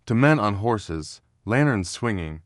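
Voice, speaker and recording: A man narrates a historical story in a steady, measured voice that sits low for a man. The sound is dry and close, with no room around it. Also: dry recording. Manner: steady, measured storytelling with quoted dialogue read in the same voice.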